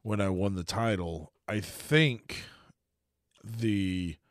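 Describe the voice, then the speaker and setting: A man's voice: fairly low pitch, extremely slow, no echo, studio quality. A man co-hosting a podcast, telling wrestling stories in a laid-back, amused way, with a lot of restarts. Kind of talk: casual storytelling chat.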